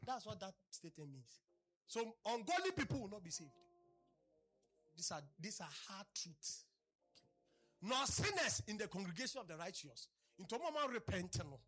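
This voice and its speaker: At a moderate pace, a man delivers a spirited sermon, alternating between loud exclamations and low asides. His voice is fairly high and carries some huskiness.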